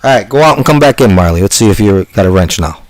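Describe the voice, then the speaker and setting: A man's voice: on the low side, lively intonation, fast talker, rough recording. A man co-hosting a livestream, chatting casually with teasing jokes and swearing. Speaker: livestream co-host. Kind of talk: casual chat.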